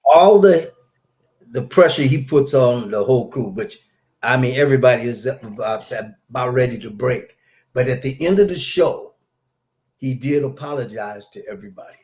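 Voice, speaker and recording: A man's voice: medium pitch, moderate pace, a little mellow. Man chiming in on a casual chat. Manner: plain, affirming, chiming in with agreement. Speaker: film hairstylist guest.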